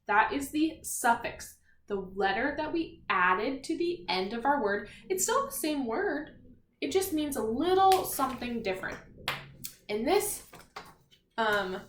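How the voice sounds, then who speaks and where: A woman teacher leads young children through a spelling lesson at a very slow, careful pace. Her voice sits fairly high, and she is patient and encouraging as she sounds out each letter. The recording is echoey, as in a bare room. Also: animated, slight background noise.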